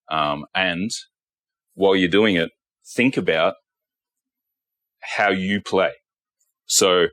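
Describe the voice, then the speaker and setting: A man's voice: on the low side, a bit bright, no room sound. A man, a guitar technician, giving a blunt workshop tutorial and often checking in with "okay". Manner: blunt, repeats himself, says okay often.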